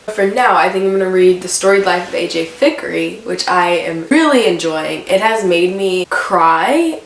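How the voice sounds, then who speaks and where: Young woman, book vlogger, gushing and chatty, echoey room, a bit far from the mic, faint hiss. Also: on the low side. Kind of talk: casual chat. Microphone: camera mic.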